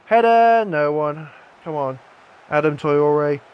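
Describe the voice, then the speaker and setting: Brief: young gamer, high voice, lively commentary with frustrated outbursts. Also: male voice, slow, clean tone. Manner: excitable, swings into frustrated rants and shouts. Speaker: gaming YouTuber. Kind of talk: live gameplay commentary.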